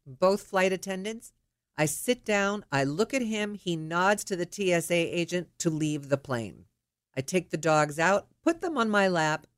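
A middle-aged woman telling a personal story in a lively, indignant way. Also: fairly low pitch, no room sound, clean studio sound. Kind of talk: personal anecdote.

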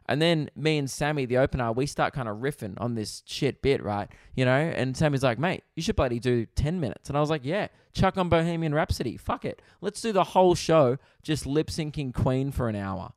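Rambling comedian telling a story. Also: male voice, mid-range voice, lively intonation, no room sound, studio quality. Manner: rambling, self-mocking, quoting others in quick asides. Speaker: comedian podcast host. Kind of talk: casual storytelling monologue.

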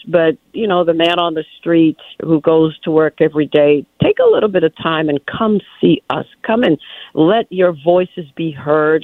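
Woman, lieutenant governor, radio guest, emphatic, animated, rousing, thin phone-line sound. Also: fairly low pitch, no echo. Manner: emphatic, animated, preacherly calls to action. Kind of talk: political radio interview by phone. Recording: dry, tinny phone line.

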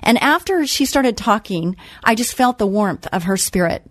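A woman's voice: on the high side, expressive, normal speed, dry recording. A woman hosting a Christian radio talk show, telling a personal story in a chatty way with frequent restarts.

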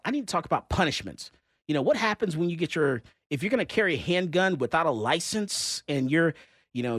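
A man hosting a radio talk show, ranting in a casual, animated way with lots of fillers, recorded on a close studio mic. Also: fairly high pitch, husky, dry recording. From Texas. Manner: animated, exasperated rants with many fillers.

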